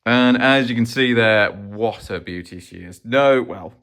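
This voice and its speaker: A man's voice: medium pitch, measured pace, a bit bright. Man, laid-back chatty vlogger, mid-range voice, waffles with plenty of fillers and jokes at his own expense. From Wales. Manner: rambling, self-deprecating, chatty with many ums. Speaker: vlogger showing his map collection. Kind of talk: casual rambling show-and-tell.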